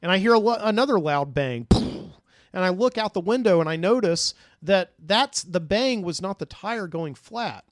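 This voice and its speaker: Man, podcast host, rambling dream story, fillers and restarts, a bit high-pitched. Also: lively intonation, moderate pace, no room sound, studio quality.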